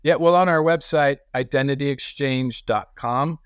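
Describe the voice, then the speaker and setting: A middle-aged man telling stories as a podcast guest, animated and acting out the voices of people he quotes. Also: medium pitch, moderate pace, clean tone, no room sound. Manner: frequent restarts and repetitions. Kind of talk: conversational storytelling.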